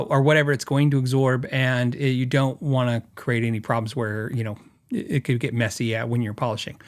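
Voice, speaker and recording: A middle-aged man hosting a podcast, telling a rambling story with many fillers and acted-out quotes. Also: fairly high pitch. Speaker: podcast host and guitar shop owner.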